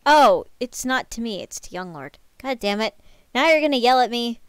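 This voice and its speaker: Woman streamer, fairly high voice, animated and chatty, dry close mic. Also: normal speed, smooth, no echo. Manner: animated, chatty storytelling with laughs. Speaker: streamer host. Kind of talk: casual chat on a live stream.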